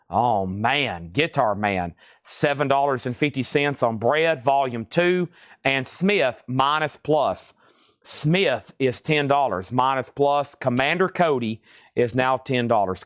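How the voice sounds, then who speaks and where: A man hosting a live online vinyl record sale, calling out titles, prices and bids in quick patter. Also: medium pitch, fairly bright tone, clean tone, dry recording, studio quality. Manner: rapid-fire auctioneer patter, hums tunes. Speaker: host. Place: record shop.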